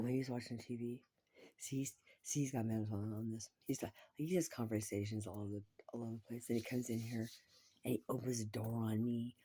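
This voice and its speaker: Low husky woman rambling to camera. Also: dark tone. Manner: repetitive, swears freely, drops into whispers. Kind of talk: rambling personal monologue.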